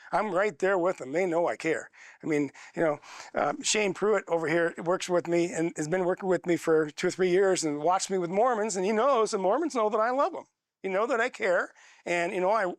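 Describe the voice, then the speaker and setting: Folksy storytelling church teacher, high voice. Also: male voice, no echo, clean studio sound. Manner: folksy, chatty, tells stories with quoted dialogue. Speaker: church teacher leading a training class. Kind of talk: storytelling class talk.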